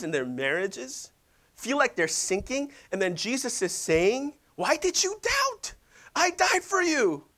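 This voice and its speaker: A man's voice: high voice, a bit bright. A middle-aged male pastor preaching in a church, conversational and full of rhetorical questions to the audience. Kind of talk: sermon.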